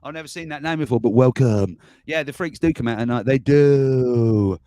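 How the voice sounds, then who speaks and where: A man's voice: medium pitch, normal speed, dark tone, smooth, no echo. A man hosting a casual livestream, rambling and chuckling as he reads out viewer comments. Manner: chuckling, rambling, self-mocking. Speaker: livestream host.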